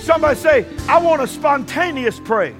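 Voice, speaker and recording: A male pastor preaching a sermon, often shouting and leading call-and-response with the congregation. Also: very high-pitched, animated, normal speed, music in the background. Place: church.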